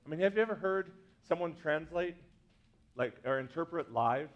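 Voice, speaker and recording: A man's voice: fairly high pitch, animated, normal speed, highs cut off. A man, a pastor, giving a casual teaching talk to a congregation, full of "like" and "right?" asides. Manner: chatty, many fillers like "like" and "right?".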